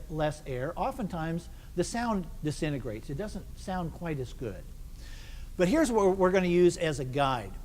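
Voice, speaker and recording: A man's voice: fairly high pitch, darkish tone. A man leading a band rehearsal, asking questions and answering them himself and counting the players in. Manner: counts the ensemble in. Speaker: band conductor. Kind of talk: rehearsal instruction. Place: rehearsal hall. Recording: long hall reverb, faint noise.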